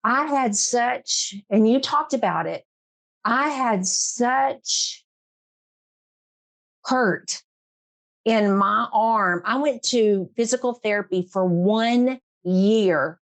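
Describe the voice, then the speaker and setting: On her podcast, a middle-aged host talks slowly in a creaky, mid-range voice. The conversation is an emotional interview, and she is earnest and emphatic, often laughing and repeating things to drive them home.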